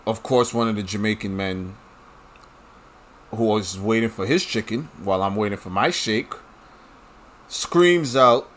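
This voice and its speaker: A man's voice: on the low side, a bit bright, a little hiss or hum. A man talking straight to his audience in a casual, blunt and profane rant, full of strong opinions. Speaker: commentator. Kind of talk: casual ranting monologue.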